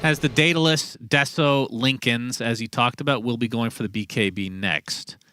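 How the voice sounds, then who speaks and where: A man's voice: mid-range voice, clear, resonant tone. Man calling live esports play-by-play. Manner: quick, chatty play-calling, excitable in fights. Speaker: esports commentator.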